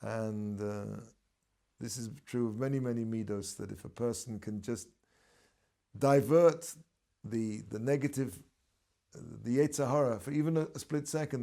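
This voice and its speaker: Gravelly-voiced rabbi teaching a class. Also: male voice, mid-range voice, normal speed. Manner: relaxed, digressive storytelling, mixing in Hebrew terms. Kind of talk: conversational Torah lesson.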